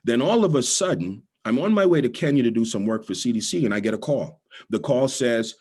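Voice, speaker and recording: A man's voice: mid-range voice, animated, fairly quick, darkish tone, breathy edge. A middle-aged man from the Bahamas with a Bahamian accent, giving a motivational storytelling talk as guest speaker and repeating key lines for emphasis.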